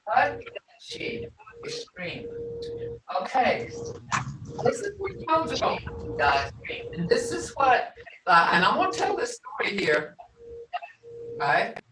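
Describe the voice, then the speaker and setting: Older woman, language teacher, slow and patient, repeats words, far from the mic, echoey room. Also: mid-range voice, huge pitch swings, background noise. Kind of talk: classroom teaching. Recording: roomy, distant from the mic.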